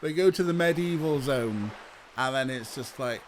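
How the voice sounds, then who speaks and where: A man's voice: medium pitch, normal speed, a little hiss or hum. A man chatting casually as he streams a game, swearing and laughing at his own jokes. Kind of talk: casual let's-play commentary.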